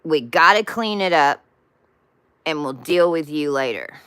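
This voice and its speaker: A woman voicing a dragon mother spirit who gives calm, sweet but firm orders. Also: low-pitched, a little slow, smooth, no room sound. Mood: sweetly firm.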